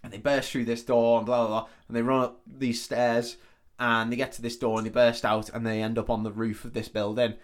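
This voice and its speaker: A man's voice: mid-range voice, flat delivery, brisk. A man casually retelling a film plot on a podcast, sweary and rambling, acting out the characters' lines as he goes. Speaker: podcast co-host. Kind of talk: casual film recap chat.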